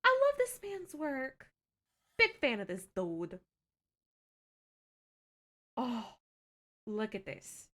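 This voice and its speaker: A woman's voice: on the high side, huge pitch swings, drawn-out words, pauses often, bright, forceful tone. A young woman streamer chatting casually, self-deprecating and swearing freely.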